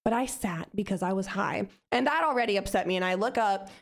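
A woman's voice: mid-range voice, a little fast. A young woman telling a rambling, profane anecdote in a casual way, full of "like" and "um". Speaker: storyteller.

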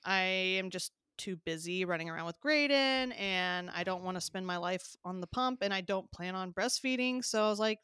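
A woman's voice: medium pitch, moderate pace, hardly any pauses, pushed and bright, clean tone, dry recording, clean studio sound. A woman in her thirties co-hosting a podcast, chatting casually, laughing often and filling her talk with "like.". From American South. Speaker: podcast co-host. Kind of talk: casual chat.

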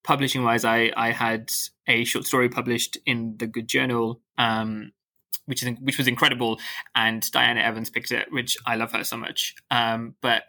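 This is a young adult man chatting as a guest on a podcast. His voice sits at an ordinary middle pitch but carries a bright, forceful tone. He talks fast and animatedly and laughs often. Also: little pitch movement. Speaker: guest author. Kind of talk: casual podcast chat.

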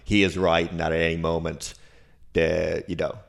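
A young man with a notably low voice chats on a comedy podcast. He is laid-back and dry, rambling through his points with plenty of fillers. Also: little pitch movement, moderate pace, creaky. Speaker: podcast co-host. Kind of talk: casual comedic chat.

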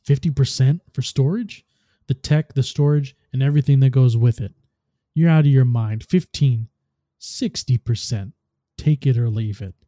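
A grumbling, demanding alien crime boss who haggles hard, as a man reads him. The voice is very dark and mellow, recorded dry and close. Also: medium pitch, normal speed, no echo, close to an everyday voice. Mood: gruff.

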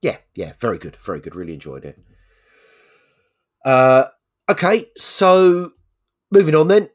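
A man's voice: mid-range voice, wildly swooping pitch, unhurried. A man, a podcast co-host chatting casually and rambling. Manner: rambling, many fillers and restarts. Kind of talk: casual chat.

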